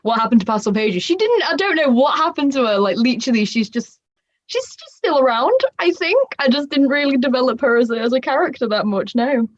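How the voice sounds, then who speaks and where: A woman's voice: sits high, sing-song, a little fast, no room sound. Bubbly northern English woman on a dull, dry stream. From Northern England. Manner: bubbly, rambling, laughs often. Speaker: convention panel guest. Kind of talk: livestreamed solo panel, reading chat. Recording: dull, dry home livestream audio.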